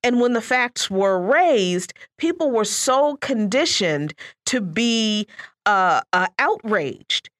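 This woman co-hosts a political talk radio show with an animated, emphatic delivery. Her pitch moves widely and expressively. The recording is dry and close, with no room sound. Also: slow pace, no room sound. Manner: animated, emphatic, laughs mid-sentence.

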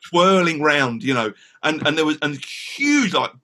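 An English man telling a story as a guest in a casual podcast interview, animated and full of restarts. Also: fairly high pitch, a little slow. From England. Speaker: guest musician.

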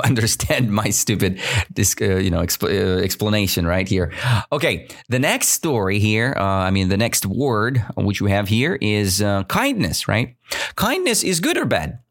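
A man teaching English vocabulary in a casual lesson, asking questions and tagging sentences with "right?", with non-native grammar. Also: medium pitch. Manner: animated, asks many questions, says "right?" often. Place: indoors, drinking coffee at the mic.

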